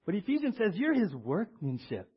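Male preacher, raised pitch, chatty sermon delivery that pulls the congregation in, dull lo-fi recording. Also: wildly swooping pitch, normal speed, husky. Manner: conversational, tags lines with "right?" and has the congregation respond. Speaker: pastor.

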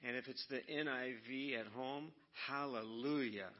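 A man's voice: medium pitch, moderate pace, dull audio. Emphatic male preacher with call-and-response. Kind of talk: sermon.

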